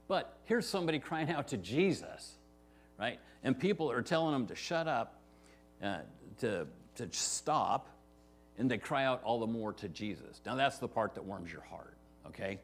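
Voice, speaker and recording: A man preaching a verse-by-verse sermon as pastor, talking to the congregation in a conversational way and often asking "right?". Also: mid-range voice. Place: church sanctuary.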